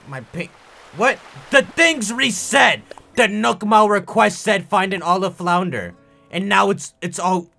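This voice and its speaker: A young man giving casual gameplay commentary, ranting in an animated, theatrically angry way. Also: sits high. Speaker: gaming YouTuber. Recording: faint music behind.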